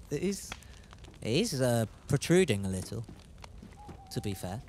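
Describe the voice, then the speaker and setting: A man's voice: mid-range voice, sing-song, unhurried, a little mellow, a little hiss or hum. A man chatting and joking as he streams a game, laughing often. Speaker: gaming streamer. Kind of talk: casual live gameplay commentary.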